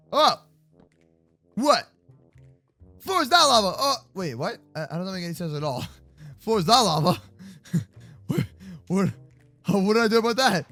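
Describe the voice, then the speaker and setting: A young man goofing around in a Minecraft role-play from his bedroom, joking and yelling as he plays. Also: sits high. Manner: hyper, jokey, often yelling. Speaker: gaming YouTuber. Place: home bedroom.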